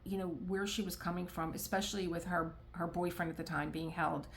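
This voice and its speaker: Rambling middle-aged woman, low voice. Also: steady tone, brisk, a little hiss or hum. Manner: rambling, heartfelt, frequent restarts and quoted asides. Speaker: crafting vlogger. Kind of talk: casual talk to camera while diamond painting. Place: home art room.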